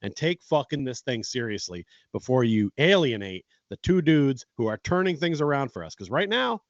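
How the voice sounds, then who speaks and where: A man's voice: mid-range voice, big pitch swings, moderate pace, no room sound. Blunt, opinionated man on a sports podcast. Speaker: podcast co-host. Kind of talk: casual sports podcast chat. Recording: dull dry lo-fi sound.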